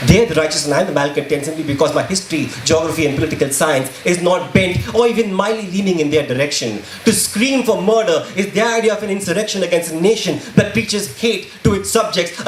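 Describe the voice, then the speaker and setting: A man with a fairly high voice delivers spoken word poetry with intense, rhythmic, rhyming emphasis. The room is echoey, with a faint hum of ambience behind him. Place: live poetry event.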